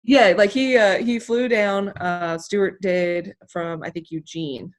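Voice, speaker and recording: A woman from the United States, an athlete telling her story as an interview guest, emotional and animated, rambling with many fillers. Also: medium pitch, slow. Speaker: interview guest, hammer thrower.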